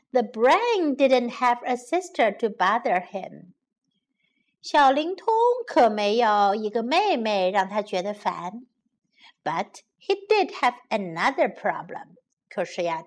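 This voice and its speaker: A woman teacher narrating a children's storybook for young learners. She reads slowly and carefully, with a lively, rising and falling pitch. Her voice sits a bit high and close to the mic. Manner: slow, careful, gentle reading for children.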